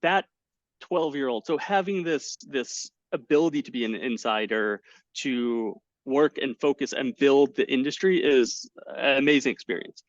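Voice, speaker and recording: A man tells stories as a guest on an interview call, lively and full of restarts and fillers. His voice sits in a middling range. The audio is dull and lo-fi, with no room sound at all. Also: medium pitch, normal speed, no room sound. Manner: animated storyteller, many fillers and restarts. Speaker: guest, poker commentator. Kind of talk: casual interview over video call. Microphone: webcam setup at home.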